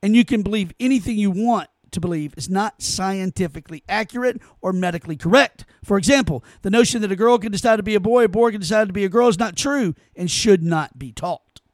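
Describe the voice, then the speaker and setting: A man hosts his own podcast in an indignant, emphatic rant, often repeating phrases for effect. His voice sits fairly high for a man. The sound is dry and close, with no room echo. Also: fairly quick, hardly any pauses. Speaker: podcast host. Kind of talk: opinionated solo podcast rant.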